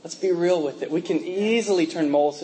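A man's voice: fairly high pitch, a little fast, crowd noise, rough recording. A young man preaching a conversational sermon, full of rhetorical questions and laughing asides, with a mixed accent. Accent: mixed, from working in a multinational office.

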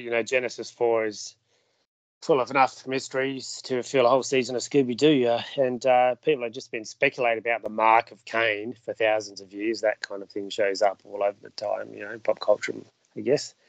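A man's voice: medium pitch, little pitch movement, a little fast, dry recording. A man co-hosting a podcast who banters playfully and asks curious questions, cracking jokes along the way. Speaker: podcast co-host asking questions. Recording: dry, dull lo-fi sound.

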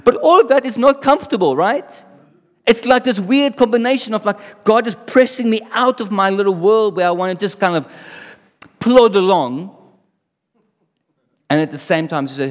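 A man's voice: sits high, moderate pace. A man preaching a sermon in a conversational way, often asking the audience rhetorical questions. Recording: long reverb in a hall.

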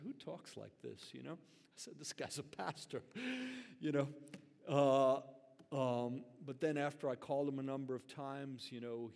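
Older male preacher, earnest, chatty, lots of fillers, mid-pitched voice, long echo of a hall. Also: gravelly, a little mellow. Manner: conversational, earnest, many fillers. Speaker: pastor. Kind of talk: sermon storytelling.

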